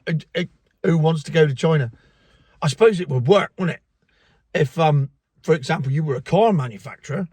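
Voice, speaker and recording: A man's voice: fairly high pitch, husky, dry recording. A man with a cold, ranting sarcastically and smugly in a casual vlog. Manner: sarcastic, mocking, self-satisfied. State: has a cold, coughing. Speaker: vlogger.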